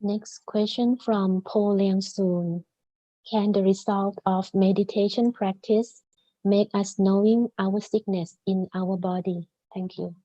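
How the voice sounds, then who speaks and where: A woman moderating a video call, reading out audience questions slowly and formally. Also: mid-range voice, steady tone, dark tone, no room sound, poor audio.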